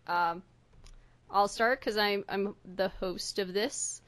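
A woman's voice: mid-range voice, steady tone, slow pace, a bit bright. A woman hosting a podcast in casual chat, joking around, swearing freely and laughing often. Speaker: podcast producer and host.

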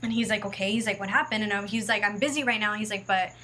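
Bright-voiced woman telling an emotional story. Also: mid-range voice, quick pace. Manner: rambling, filler-heavy, acts out quotes; emotional, close to tears. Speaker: guest telling a personal story. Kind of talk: casual conversational storytelling.

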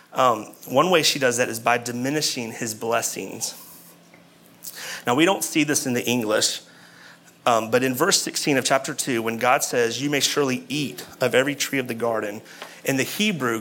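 A man's voice: medium pitch, fairly bright tone, slight background noise. Man preaching a conversational sermon. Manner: conversational, asks the listeners rhetorical questions.

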